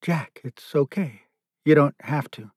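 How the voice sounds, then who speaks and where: A man voicing a gentle young woman who comforts with soft, hushed reassurances. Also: on the high side, a little slow, breathy edge, dry recording, studio quality. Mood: soothing.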